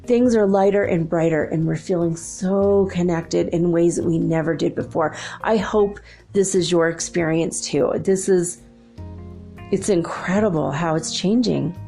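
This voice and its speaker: A woman with a lowish, gravelly voice chats in a loose, rambling way about her spiritual experiences, often breaking into laughter. Faint guitar music plays softly behind her. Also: steady tone, moderate pace. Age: adult with children. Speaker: spiritual channel host. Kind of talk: casual spiritual vlog monologue.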